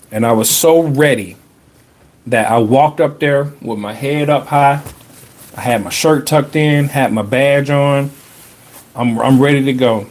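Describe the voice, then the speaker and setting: Speaking at a medium pitch, a man hosting a podcast recounts something from his own life with loose, lively energy. Slang fills his talk, and he repeats phrases to stress his points.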